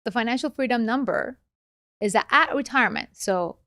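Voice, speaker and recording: A woman guest with a non-native English accent, explaining investing in a casual interview with animated, quick asides. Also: on the high side, no room sound, clean studio sound.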